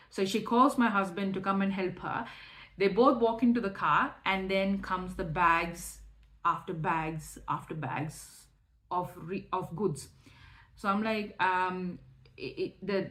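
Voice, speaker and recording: A young adult woman telling a personal faith testimony in a candid, emotional way, with frequent restarts and fillers. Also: medium pitch. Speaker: testimony speaker.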